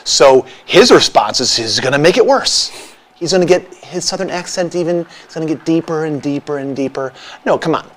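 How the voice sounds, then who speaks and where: A man's voice: on the high side, lively intonation, brisk. A man co-hosting a radio show, chatting casually in a blunt, provocative, teasing way. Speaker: radio co-host. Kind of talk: casual studio banter.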